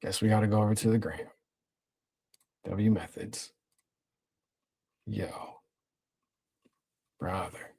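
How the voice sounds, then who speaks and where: A young man hosting a casual livestream, talking in a laid-back, slang-heavy way while reading and shouting out his chat. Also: lowish voice, fairly even intonation, takes it slowly, creaky, pauses often, slightly rough. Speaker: livestream host.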